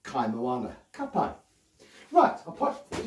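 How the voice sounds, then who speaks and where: Animated New man telling a children's story. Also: high-pitched, moderate pace. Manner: playful, animated, talks to children. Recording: roomy sound from a distant mic.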